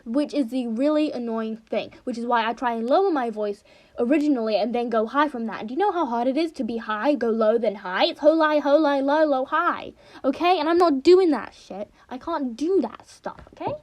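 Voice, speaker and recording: A young woman chats at home in a goofy, rambling way, poking fun at herself. Her voice is high and bright, and her throat sounds a little sore. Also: a little fast. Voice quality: high-pitched. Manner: rambling, self-mocking, goofy. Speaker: fan reader, vlogger. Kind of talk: casual rambling commentary.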